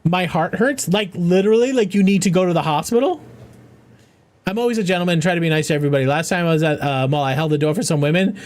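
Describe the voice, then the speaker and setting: A middle-aged man with a fairly high voice hosts a charity game stream. He talks in a loose, rambling way, swears freely and keeps restarting his sentences as he chats with his viewers. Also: fast talker, darkish tone. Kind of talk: casual livestream chat.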